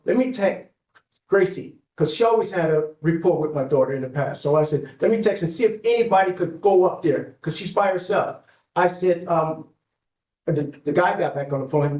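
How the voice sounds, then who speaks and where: A man's voice: on the high side, darkish tone. A man testifying as a defendant in a courtroom, telling his story in an anxious, rambling way and addressing the judge again and again. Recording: echoey courtroom, far from the mic.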